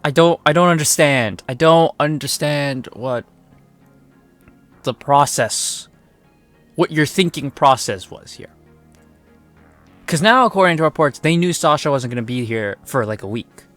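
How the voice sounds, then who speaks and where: A man's voice: a little high, lively intonation, a little slow, pauses often, fairly bright tone, faint music behind. A young man giving a casual spoken review, sarcastic and exasperated, often swearing and complaining. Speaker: wrestling reviewer.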